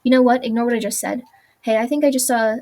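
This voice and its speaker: A jumpy young tailor, read by a woman, who talks in a nervous, flustered rush. The voice sits fairly high and light. She sounds worried and quick to brush things off. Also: fairly even intonation, dark tone, close to an everyday voice. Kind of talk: reading game dialogue aloud.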